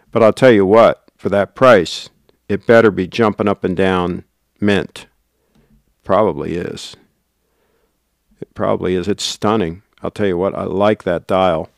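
A man's voice: deep voice, unhurried, vocal fry, long pauses, no echo, studio quality. A man hosting a casual livestream, rambling and reading out viewer comments. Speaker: livestream host.

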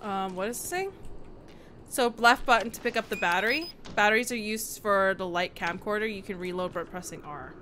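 A woman's voice: medium pitch, expressive, moderate pace, a bit bright, slight background noise. A woman livestreaming a horror game, frightened and jumpy, chatting with viewers and reading prompts aloud. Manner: jumpy, nervous, talks to chat, reads tutorial prompts aloud.

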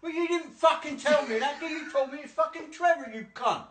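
A middle-aged man shouting and swearing in frustration at a smart speaker in his home. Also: very high voice, brisk, slight background noise. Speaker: father trying a new smart speaker. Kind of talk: candid home video. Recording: echoey room from a distance.

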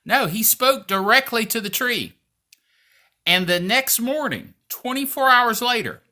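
Male preacher and podcast host, bright, animated sermon delivery. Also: high-pitched, a little slow. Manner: lively, emphatic, with frequent fillers and restarts. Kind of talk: sermon teaching.

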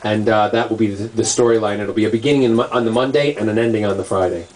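A man's voice: fairly low pitch, steady tone, fast talker, a little mellow, far from the mic. A man in his forties, raised in Scotland but talking in an American accent, answering audience questions at a book signing in a playful, cheeky way. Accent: Scottish-raised speaker using an American accent. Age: 40s. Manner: playful, cheeky, laughs often. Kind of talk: casual Q&A chat. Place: bookstore event before an audience. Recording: crowded room with audience chatter.

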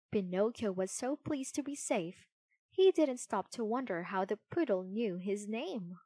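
A woman reading a children's storybook aloud in a clear, deliberate way. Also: medium pitch, expressive, darkish tone, no echo. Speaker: narrator.

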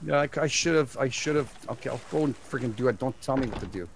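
A man's voice: medium pitch, fast talker, vocal fry, a little hiss or hum. A man chatting casually while playing a co-op survival game, stammering a little and laughing often. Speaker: game player. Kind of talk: casual co-op gaming chat.

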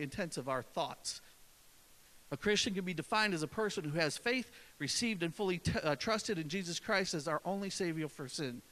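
High, bright-voiced preacher with a northern accent. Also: male voice. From northern United States. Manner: conversational, with many fillers and restarts; emphatic. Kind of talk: informal sermon.

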